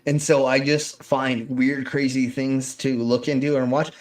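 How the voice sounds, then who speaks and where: A man's voice: medium pitch, measured pace. A man hosting a casual live stream, rambling and swearing as he tells stories. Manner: profane, rambling, animated storytelling. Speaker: host.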